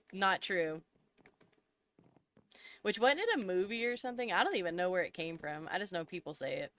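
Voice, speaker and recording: A woman chats with her stream while she plays, giggly and talkative. Her voice is smooth and clear, and she answers her viewers' questions easily. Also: mid-range voice. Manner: chatty and giggly, answering chat. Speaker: live streamer. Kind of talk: casual chat with viewers while gaming.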